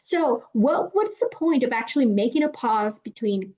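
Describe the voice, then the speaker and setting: A young woman with a Mexican Spanish accent teaching a lesson, speaking clearly and deliberately and drawing out her example phrases. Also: a little high, animated, darkish tone. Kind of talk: explanatory lesson. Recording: dull lo-fi sound.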